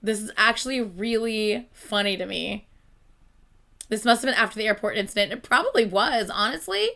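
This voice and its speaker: Reaction host: woman, bright tone, chatty and excitable, laughs a lot, casual commentary. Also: medium pitch, normal speed, vocal fry.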